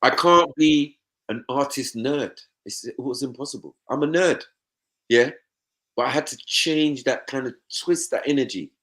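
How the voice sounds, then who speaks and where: A young man of Nigerian background hosts a panel in a casual chat, talking loosely, swearing freely, and slipping into mimicked voices. His voice is medium-pitched and a bit bright, at a moderate pace.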